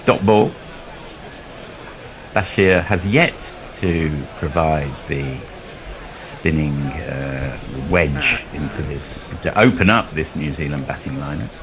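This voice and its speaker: A man's voice: a bass voice, slow, a crowd in the background. A man commentating on cricket ball by ball, drifting into a long, chuckling anecdote between deliveries. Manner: rambling storyteller, chuckles often.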